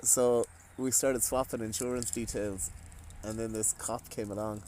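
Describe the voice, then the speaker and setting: Irish man telling a lively story. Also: on the low side, measured pace, slight background noise. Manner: animated storyteller who laughs and quotes others. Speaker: co-host, husband. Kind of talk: casual chat, storytelling. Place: garden outdoors. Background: faint outdoor ambience.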